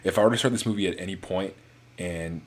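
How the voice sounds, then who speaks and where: A man with a very low voice talks through a film in a loose, casual review. He rambles along, circling back with fillers and restarts as he goes. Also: fast, slightly rough. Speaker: movie reviewer.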